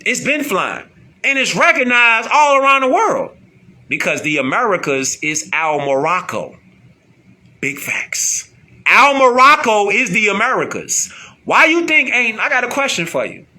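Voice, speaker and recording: A man's voice: high-pitched, big pitch swings, a little slow, bright, forceful tone. A man giving a casual, slangy streetwise monologue, repeating himself and firing off rhetorical questions. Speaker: online commentator.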